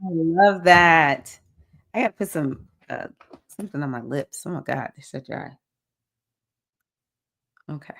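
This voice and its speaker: A woman's voice: sits low, lively intonation, measured pace, vocal fry, pauses often, some chatter behind. A woman with a Southern US accent hosting a casual live-stream session as a spiritual teacher, reading viewers' comments and cheering them on. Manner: warm, encouraging, reads comments aloud and cheers viewers.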